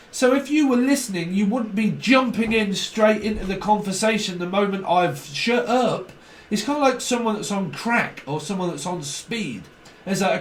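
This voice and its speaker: Man, tarot reader, casual rambling monologue, swears and laughs, high voice, echoey room, a bit off-mic. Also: expressive, a little fast. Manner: rambling and swearing, laughs a lot, mimics other people. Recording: echoey room, some distance from the mic, faint noise.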